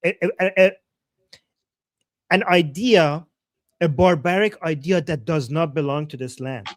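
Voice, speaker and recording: A man's voice: fairly high pitch, a little slow, dry recording. Emphatic man, dry close sound. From Iran. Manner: emphatic, repeating key points. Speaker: guest, channel owner. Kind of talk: livestream conversation.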